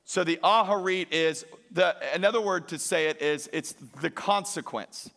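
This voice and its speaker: A man with a high, bright voice preaches with a lilt. He pushes hard into loud, emphatic peaks, then drops to soft, joking asides with his congregation. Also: moderate pace. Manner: emphatic, rises to near-shouting peaks and drops to quiet asides; jokes with the congregation. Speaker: pastor. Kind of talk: sermon.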